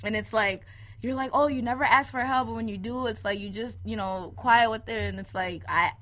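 Podcast co-host, woman, high and bright, earnest, laughs easily. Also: fairly quick. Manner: earnest, laughs often, trails off softly. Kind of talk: casual chat among friends.

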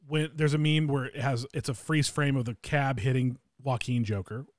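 A man co-hosting a podcast, telling a story in a casual, profane way that swings between loud and quiet. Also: medium pitch, moderate pace, no echo, studio quality. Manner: animated, swings loud and quiet, swears a lot. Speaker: podcast co-host.

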